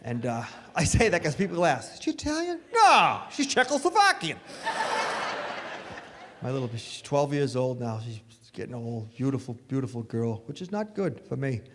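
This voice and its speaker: Animated man doing stand-up on stage. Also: medium pitch, brisk. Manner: animated storytelling, punchy delivery. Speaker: stand-up comedian. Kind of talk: stand-up comedy set. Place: comedy stage before an audience. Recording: live hall with reverb, faint noise.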